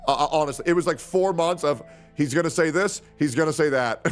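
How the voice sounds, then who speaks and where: A young man streaming in casual chat, animated and swearing freely. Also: on the high side, a little fast, soft background music. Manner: animated, swearing, jumps into impressions.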